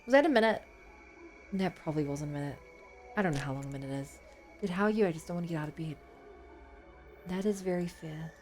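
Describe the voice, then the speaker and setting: A woman's voice: deep voice, animated, very fast, long pauses, darkish tone, soft background music. A young woman streaming a game, reading narration aloud and chatting to her viewers in a frustrated, offhand way. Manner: frustrated, talks to chat.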